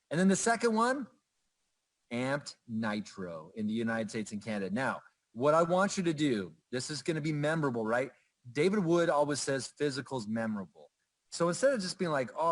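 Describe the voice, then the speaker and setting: A man's voice: medium pitch, no room sound. A middle-aged man hosting a company livestream, enthusiastic and playful, joking with the chat. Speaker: host. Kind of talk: upbeat livestream presenting.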